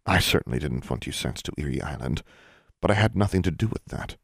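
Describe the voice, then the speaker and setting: Icy, measured witch dean in a storybook, deep and dry, read by a man. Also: lively intonation, vocal fry, fairly bright tone, no echo, heavily acted. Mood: cool. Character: cool, steady older witch dean, female.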